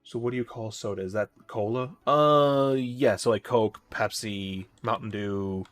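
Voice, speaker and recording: A man's voice: lowish voice, a little slow, a bit bright. A man from the Chicago area with a general Midwestern American accent, chatting in a rambling way while he streams a game and answers chat. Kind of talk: casual chat while gaming. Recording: faint music behind.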